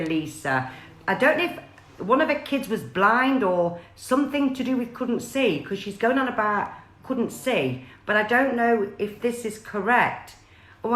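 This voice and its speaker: A woman's voice: medium pitch, a bit bright, roomy sound. A woman, chatting on a live stream as a psychic medium and passing on messages with many fillers and restarts.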